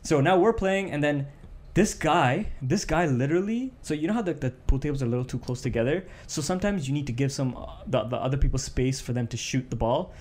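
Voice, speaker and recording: A young man from Canada, co-hosting a podcast, tells a story in casual chat and acts out the quotes. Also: fast. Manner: animated, acts out quotes with raised pitch. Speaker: podcast co-host.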